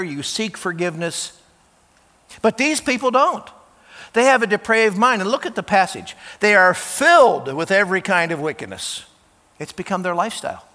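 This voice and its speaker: A male pastor preaching in a church sanctuary, his voice bright and forceful and set a little high. He talks plainly to his listeners, stumbling and repeating words, then leans hard on key phrases. A long reverb from the large hall trails each line. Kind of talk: sermon.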